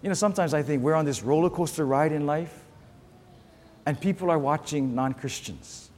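A middle-aged man preaching a sermon, telling stories with lively call-and-response to the congregation. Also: fairly high pitch, normal speed, big-room sound, a little hiss or hum. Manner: animated, storytelling with call-and-response. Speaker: pastor.

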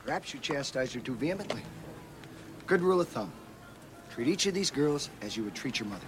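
A man's voice: medium pitch, very animated, a little fast, lightly acted. An actor playing a stern male baseball umpire with formal, commanding speech. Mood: measured. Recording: noisy outdoor film soundtrack.

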